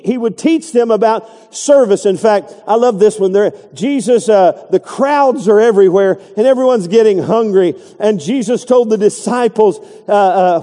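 A man's voice: sits high, mellow, long reverb tail. A middle-aged man preaching a folksy, digressive sermon, acting out quotes along the way. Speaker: pastor.

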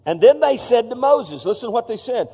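A man's voice: very high-pitched, very animated, fairly quick, warm tone, slightly rough. A man preaching a sermon to his congregation in a church, playful and feisty, stopping often to joke with the room. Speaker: pastor. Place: church sanctuary. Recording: long reverb of a church hall.

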